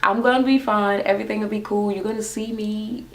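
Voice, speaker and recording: A woman voicing a calm pregnant young woman soothing her crying sister. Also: medium pitch, fairly quick, natural voice.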